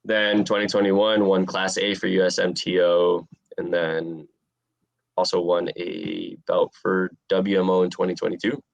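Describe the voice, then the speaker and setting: A man in his twenties answering interview questions in a relaxed, rambling way with lots of fillers. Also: low-pitched, unhurried, creaky, no room sound. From USA. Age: 20s. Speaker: interviewed fighter.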